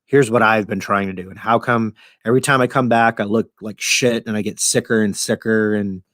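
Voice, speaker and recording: A man's voice: lowish voice, steady tone, fairly quick, fairly bright tone, dry recording, natural voice. A man voicing a dying male time traveler who pleads earnestly and swears as he explains his plan, in a dry, close sound. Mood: urgent.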